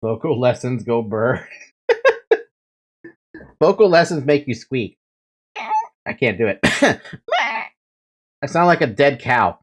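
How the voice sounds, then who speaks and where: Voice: medium pitch, expressive, a little slow, pauses often. A streamer chatting casually and playfully while playing a game, laughing often and swearing.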